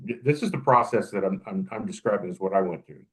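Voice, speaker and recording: In a casual podcast conversation, a male co-host with a low, slightly rough voice talks fast and animatedly. He thinks aloud in a reflective way, often restarting his sentences, and the recording quality is rough.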